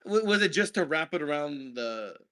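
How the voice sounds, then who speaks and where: A man's voice: a little high, lively intonation, fairly quick, pushed and bright. A man co-hosting a casual movie review podcast, talking in a rambling, jokey way. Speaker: podcast co-host.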